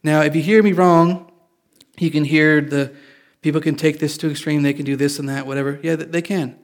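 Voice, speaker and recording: A man's voice: fairly high pitch, steady tone, a little fast. A man preaching a sermon in a casual, confessional way, joking with his listeners. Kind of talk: conversational sermon.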